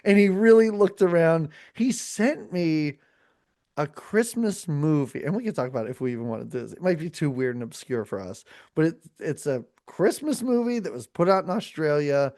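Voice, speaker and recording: A chatty podcast host talks casually and rambles, often circling back with "like" and quick restarts. The voice sits at a middling pitch. It is recorded close and dry, with no room sound. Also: expressive, darkish tone, no room sound. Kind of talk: casual chat.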